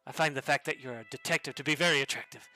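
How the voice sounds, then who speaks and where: Cheesy would-be romancer, soft and hammy, bright tone , a man putting him on. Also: medium pitch, very fast, soft background music. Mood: romantic. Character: cheesy smooth-talking man on a dating site.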